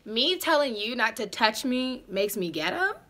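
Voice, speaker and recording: Animated young woman telling a storytime. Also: fairly high pitch, normal speed. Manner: animated, profane, talks straight to viewers. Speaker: vlogger. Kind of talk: casual storytime.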